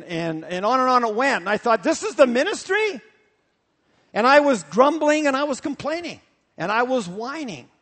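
Pastor preaching, high and animated, long echo of a large hall. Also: male voice. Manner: animated storytelling, repetitive. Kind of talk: sermon.

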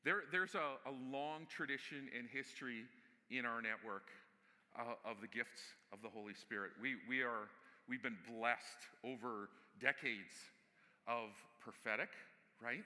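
A man's voice: medium pitch, sharp tone, big-room sound. A male pastor preaching a sermon in a church, telling stories casually with humor and asides to the congregation.

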